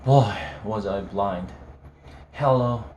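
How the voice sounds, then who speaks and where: A man reading a novel aloud, telling it slowly in a casual first-person voice. His delivery is unhurried. The recording is roomy, with a faint hum of ambience behind him. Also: fairly low pitch, lively intonation, darkish tone. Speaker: reader of a novel.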